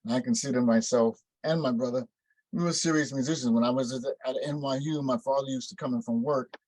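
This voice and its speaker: A man's voice: mid-range voice, steady tone, fairly quick, a little mellow, no echo, poor audio. An older man from New York, a guest musician in an interview, telling stories emphatically and acting out quotes. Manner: emphatic storyteller, acts out quotes. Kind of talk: interview conversation.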